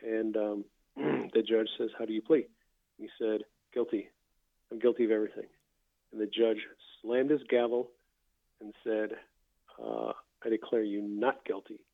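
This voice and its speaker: A man hosting a casual faith conversation, calmly recounting testimonies he has heard. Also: on the low side, unhurried, creaky, pauses often, no room sound. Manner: relaxed storyteller, recounts others' testimonies. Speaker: podcast host. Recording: tinny phone-like line.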